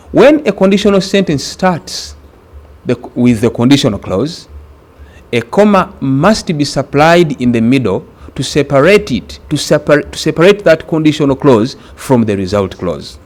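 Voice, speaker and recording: Guy from uganda teaching grammar to exam kids, slow and deliberate, repeats stuff for emphasis, mid pitch. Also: big pitch swings, a little mellow. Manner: deliberate, repeats words for emphasis, addresses "dear candidates". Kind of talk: recorded exam-prep grammar lesson.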